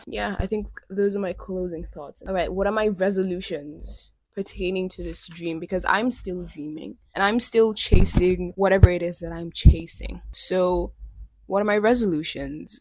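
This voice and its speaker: A woman's voice: fairly low pitch, no echo. A young woman with a sick voice hosting her own podcast, talking candidly and rambling in casual solo chat. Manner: rambling, candid, self-deprecating. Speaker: podcast host.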